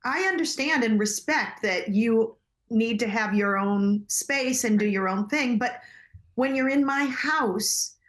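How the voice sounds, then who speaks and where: A woman in her fifties with a slightly higher voice, chatting casually. She reassures the others and asks questions while sharing parenting stories. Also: measured pace, fairly bright tone. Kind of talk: casual chat.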